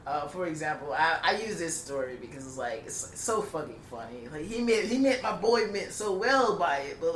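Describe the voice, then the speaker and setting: A young man telling a profane, animated story in a casual podcast chat. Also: fairly high pitch. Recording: echoey room, distant mic, faint noise.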